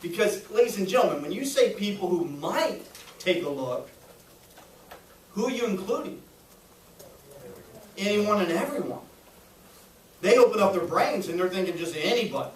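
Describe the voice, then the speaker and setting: A man's voice: high-pitched, expressive, brisk, long pauses, far from the mic. A man running a sales training session for a group, jokey and always checking in with the room. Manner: jokey, keeps checking in with "right?". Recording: echoey room recorded from afar, faint noise.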